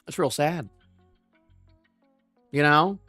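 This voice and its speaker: A man's voice: fairly high pitch, drawn-out words, pushed and bright, no echo, soft background music. A man hosting a live manga chapter reaction, playful and jokey, riffing and repeating himself as he reads. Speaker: manga reviewer.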